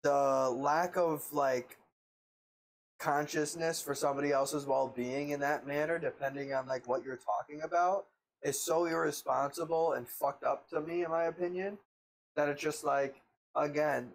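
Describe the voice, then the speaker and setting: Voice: mid-range voice, steady tone, moderate pace, low-quality recording. Frank, swearing podcast co-host. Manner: frank, swears freely, opinionated. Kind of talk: casual chat.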